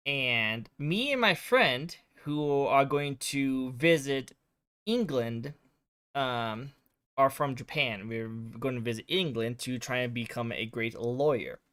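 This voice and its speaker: Bright-voiced man rambling through a game recap. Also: mid-range voice, clear, resonant tone, dry recording, studio quality. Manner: rambling, filler-heavy storytelling. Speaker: streamer. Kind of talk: casual game recap chat.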